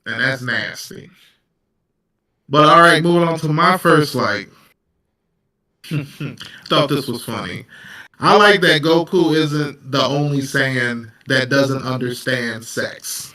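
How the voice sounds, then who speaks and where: A man's voice: mid-range voice, slow, pauses often, pushed and bright, recorded from a distance. A man hosting a casual anime discussion, laid-back, laughing and profane. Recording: echoey room, off-mic.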